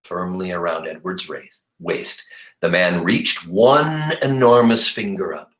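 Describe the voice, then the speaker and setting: Brief: low-voiced male teacher doing an animated read-aloud, echoey room. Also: slow pace. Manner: expressive, animated storytelling. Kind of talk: reading a novel aloud to a class.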